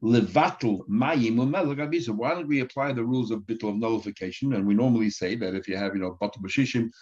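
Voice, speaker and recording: A man's voice: medium pitch, fast, a little mellow, breathy edge. A man teaching a Talmud page line by line, mixing Aramaic terms into English and asking rhetorical questions. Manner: asks rhetorical questions, repeats words while thinking. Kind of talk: daf yomi Talmud lesson. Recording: dull lo-fi sound.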